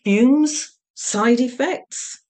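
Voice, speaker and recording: A woman voicing a dim, giddy, childlike young man who speaks in a bright, puzzled way. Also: a little high, extremely slow, voice pushed up.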